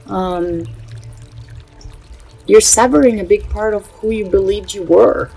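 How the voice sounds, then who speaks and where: Soft music underlies a rough recording of a Brazilian woman, a native Portuguese speaker, giving casual spiritual vlog talk. She has a medium pitch, vocal fry, a dark tone and a breathy edge. Earnest yet halting, she fills her speech with pauses.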